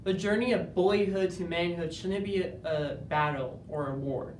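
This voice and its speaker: A man giving an earnest, measured dramatic interpretation performance that builds to moments of intense emphasis. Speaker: speech competitor. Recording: roomy, distant, faint rumble.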